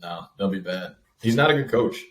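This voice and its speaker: A man's voice: low-pitched, animated, moderate pace, fairly bright tone. Blunt podcast man in an echoey room. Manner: blunt, dismissive, slangy. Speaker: podcast co-host. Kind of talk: casual sports debate. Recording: echoey room with faint noise.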